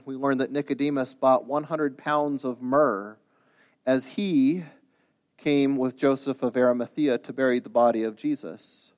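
A man preaching a sermon as pastor. He talks in an earnest, conversational way, then builds to emphatic, rising bursts. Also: medium pitch. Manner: conversational asides with restarts.

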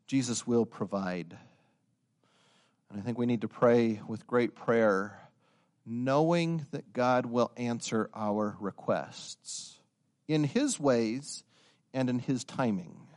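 A young man preaching a sermon, telling stories and building to loud, emphatic insistence. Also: mid-range voice, slow. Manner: storytelling, swelling to emphatic raised-voice insistence.

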